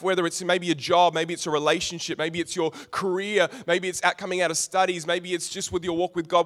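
A young man preaching a sermon, telling stories with humorous asides. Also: high-pitched. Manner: storytelling, animated, with humorous asides.

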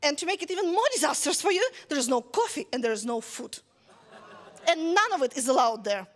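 A woman preaching a conversational sermon, telling a story lively and checking in with listeners as she goes. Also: sits high, fairly quick.

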